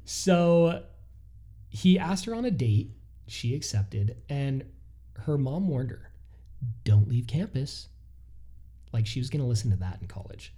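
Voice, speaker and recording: A man co-hosting a podcast, telling a listener's story in a casual, animated way with frequent laughs. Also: mid-range voice. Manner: animated, laughs often, quick asides. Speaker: podcast co-host.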